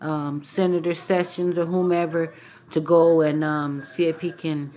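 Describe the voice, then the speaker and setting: A woman's voice: deep voice, level tone, unhurried, warm tone. A woman vlogger talking casually to the camera in a teasing, mocking, playful way.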